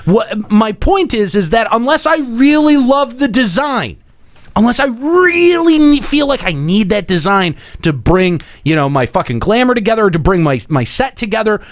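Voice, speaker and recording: A man's voice: sits high, moderate pace, dry recording, studio quality. A man hosting a casual gaming podcast and taking calls, talking emphatically with lots of restarts and the odd swear word. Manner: animated, emphatic, swears freely, many restarts. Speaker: podcast host.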